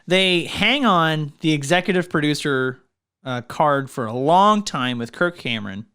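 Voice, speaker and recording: A young man co-hosting a casual podcast, talking about a movie in an expressive, giggly way that often breaks into laughter. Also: fairly high pitch, unhurried, smooth. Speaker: podcast co-host.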